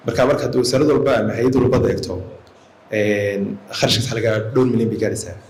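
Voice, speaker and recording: Guy talking super fast explaining stuff, low voice, echoey hall. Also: darkish tone. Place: university lecture hall.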